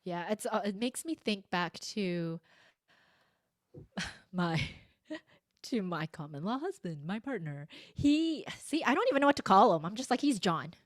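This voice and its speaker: A middle-aged woman chatting on a podcast, telling personal stories in a lively way and acting out what people said. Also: medium pitch, measured pace. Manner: animated storyteller who acts out quoted speech. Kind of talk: casual podcast conversation.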